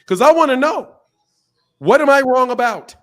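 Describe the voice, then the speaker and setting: Combative high-voiced male debate host. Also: animated, moderate pace. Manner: combative, repeats himself, swears, talks over the caller. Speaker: boxing channel host. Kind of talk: heated live debate.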